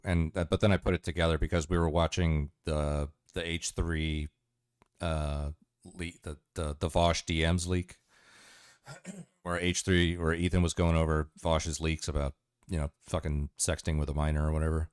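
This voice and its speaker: A man's voice: a bass voice, level tone, measured pace, smooth, dry recording, studio quality. A man hosting a livestream, chatting casually with viewers in a rambling, profane way.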